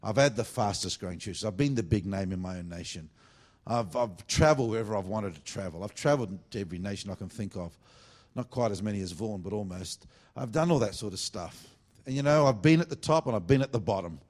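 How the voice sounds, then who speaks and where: A man preaching a revival sermon, swinging between loud fervent bursts and low confiding asides. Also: animated, fast talker. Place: church meeting.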